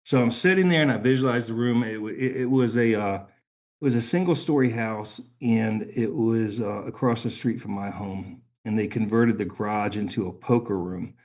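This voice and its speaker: A middle-aged man, a podcast guest, telling a personal story in a halting, emotional way, often repeating words. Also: fairly low pitch, darkish tone.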